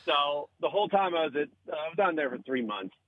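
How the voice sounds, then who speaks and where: A man's voice: a little high, quick pace, phone-quality sound, slight background noise. A man guesting on a radio show, telling a story in casual chat. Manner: animated, laughs while telling stories. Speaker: podcast host guest.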